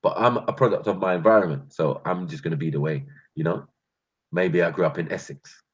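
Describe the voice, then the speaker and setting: This North London man has a deep, slightly rough voice and talks a little fast. As channel host, he delivers a casual monologue of street stories with a London accent, full of laughter, slang and animation, on a dull lo-fi recording.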